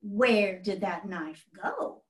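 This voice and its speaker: A woman voicing a folksy, stern but gentle frontier father who speaks in a plain country drawl. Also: medium pitch, slow pace, natural voice. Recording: roomy hall from a distant mic.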